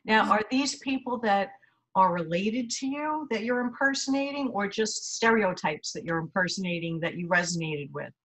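A woman's voice: mid-range voice, animated, moderate pace, a bit bright, rough recording. A woman correspondent asking interview questions in an enthusiastic, complimentary way.

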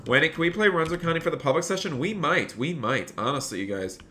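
A man's voice: fairly high pitch, animated, quick pace, pushed and bright, slight background noise. A young man streaming a role-play game, chatting upbeat and greeting viewers by name.

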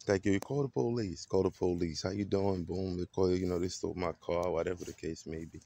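A man vlogging a casual, animated story that he retells dramatically and that is full of acted quotes. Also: low-pitched, brisk, creaky.

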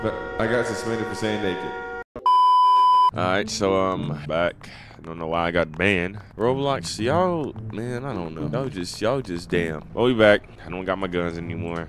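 A young man with a very low, deep voice talks through his gameplay in loose street slang. He is restless and keeps chatting to viewers and other players. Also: normal speed, over loud music, low-quality recording. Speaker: gaming content creator. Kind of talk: casual gameplay commentary.

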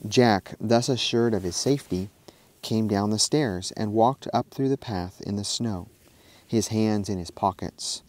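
A man, a minister, reading an old-fashioned storybook aloud in a steady, plain way. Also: lowish voice, dry recording.

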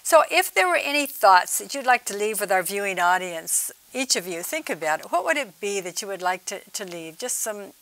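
Lady hosting a tv talk, middle pitch, keeps asking questions and going mm-hmm. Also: very animated, fairly quick, few pauses, a bit bright, no echo. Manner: attentive questioning with frequent murmured assent. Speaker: host. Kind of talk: TV interview talk.

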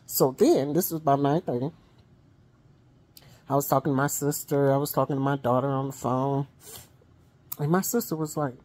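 In a low-pitched, dark-toned voice at a moderate pace, a middle-aged woman chats through a casual storytelling vlog. She coughs and wheezes as she goes, calling viewers y'all and honey.

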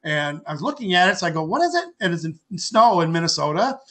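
A man's voice: fairly high pitch, fast. An older man, a podcast guest, telling a personal story in a rambling way, restarting and repeating words and acting out the quoted speech. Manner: acts out quoted speech with lively voices. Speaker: podcast guest, author and artist.

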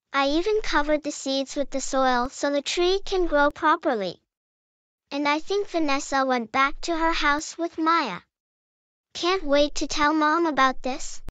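A woman voicing a cheerful young schoolgirl who is quick to cry, in a homemade cartoon. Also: high-pitched, fairly bright tone, dry recording. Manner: eager, chatty, quick to cry. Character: young schoolgirl, cheerful, fears getting wet.

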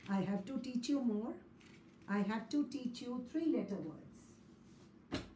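A woman's voice: fairly high pitch, expressive, slow, mellow, slight background noise. A woman teaching young children a phonics lesson, spelling out letters one by one in a sing-song way. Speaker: kindergarten teacher. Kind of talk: slow classroom phonics lesson. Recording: echoey room with faint ambience.

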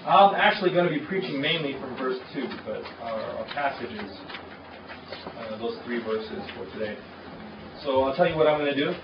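A man's voice: mid-range voice, animated, normal speed, background noise. A man who pastors a church, giving a conversational sermon with frequent filler words. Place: church hall. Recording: echoey hall, far from the mic, dull.

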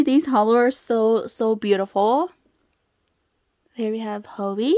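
A woman chatting casually as she unboxes, excitable and gasping at each reveal, then dropping to soft murmurs in between. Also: a little high, slow, long pauses. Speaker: unboxing vlogger.

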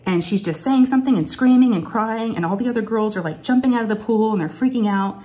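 A woman's voice: a little high, fast. A middle-aged woman, chatting casually as she tells a long story in her home craft room. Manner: chatty, animated storytelling with many asides. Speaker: crafting vlogger.

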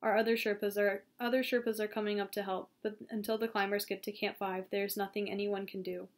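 A woman voicing a stern older male mountain guide who gives curt, forceful orders in an audiobook. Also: medium pitch, flat delivery, brisk, close to an everyday voice.

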